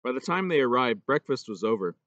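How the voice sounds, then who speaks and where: A man reading a children's novel aloud in steady, measured storybook narration. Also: mid-range voice, no echo, lo-fi sound. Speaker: audiobook reader.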